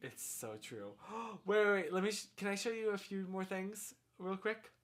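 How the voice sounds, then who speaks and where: An American man chats casually on a live stream, rambling and thinking out loud in a self-deprecating way. His voice sits high and a bit bright, swinging widely in pitch at a normal speed. Faint lo-fi music plays behind him.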